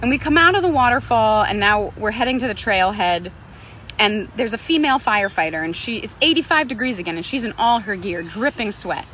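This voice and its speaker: A woman's voice: medium pitch, expressive, brisk, fairly bright tone, slight background noise. A woman, a Pilates instructor, telling a personal story in a conversational way, acting out other people's lines.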